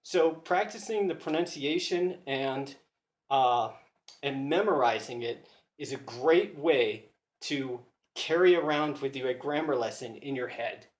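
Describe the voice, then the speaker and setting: A man's voice: medium pitch, a little slow, echoey room. An American man explaining his language study methods in a casual, earnest way, thinking aloud and correcting himself as he goes, recorded on a phone. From United States. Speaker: language learner sharing study tips. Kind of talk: casual explanatory video talk.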